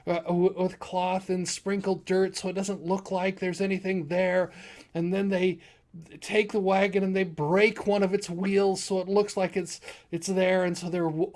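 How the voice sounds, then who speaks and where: A man who runs tabletop games, telling a story from one of his sessions in a rambling, casual way with many restarts. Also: high-pitched. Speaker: game master.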